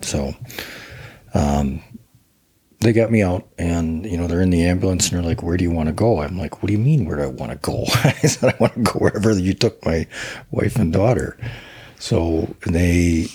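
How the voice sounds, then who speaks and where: A middle-aged man with a low, husky voice. He tells his story as an interview guest in a measured, matter-of-fact way. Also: darkish tone. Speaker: guest, author and shaman. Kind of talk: recounting a personal tragedy in an interview.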